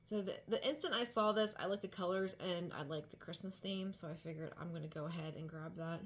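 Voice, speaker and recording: A woman's voice: fairly low pitch, fairly quick. A woman chatting casually at home as a vlogger, rambling with many restarts and fillers while showing thrift finds. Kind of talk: casual chat. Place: home dining room.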